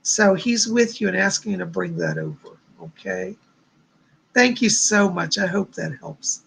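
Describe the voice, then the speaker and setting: A man's voice: sits high, very animated, a little slow, vocal fry, a bit bright, a little hiss or hum. A man hosting a live stream of psychic readings, chatty and effusive, reading out viewers' messages and showering them with thanks and blessings. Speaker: psychic host.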